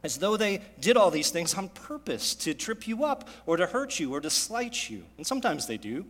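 A man's voice: high voice, very animated, normal speed, fairly bright tone. A man in his thirties preaching a sermon, driving his points home with frequent rhetorical questions. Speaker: pastor. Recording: long hall reverb.

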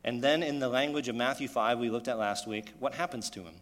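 A man preaching a sermon, animated and full of rhetorical questions, his voice echoing in a church hall. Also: mid-range voice, fairly quick. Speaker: pastor.

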